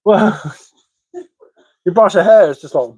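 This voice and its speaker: A man's voice: high voice, slow pace, a little mellow, slightly rough, no room sound. A man chatting casually on a live stream from his living room, telling dad jokes and chuckling at them.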